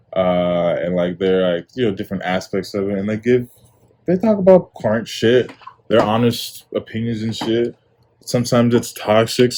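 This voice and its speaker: A man's voice: on the low side, a little mellow. A young man hosting his own podcast, talking casually and rambling with lots of fillers. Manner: laid-back, rambling with many fillers. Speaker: podcast host. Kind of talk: casual solo commentary.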